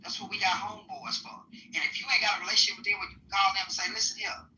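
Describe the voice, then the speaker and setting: A man's voice: high voice, steady tone, rapid-fire, pushed and bright, a little hiss or hum. A man talking candidly on a podcast, blunt and profane, repeating himself to make his point. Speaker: podcast speaker. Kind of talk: candid casual talk. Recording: roomy sound from a distant mic.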